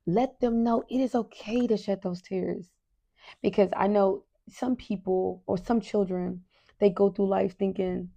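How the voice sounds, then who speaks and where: Warm-voiced middle-aged woman hosting a podcast. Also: mid-range voice, fairly even intonation, unhurried, creaky, lo-fi sound. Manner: chatty and earnest, often asks "right?" and addresses listeners as "you guys". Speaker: parenting podcast host. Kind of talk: casual motivational podcast monologue.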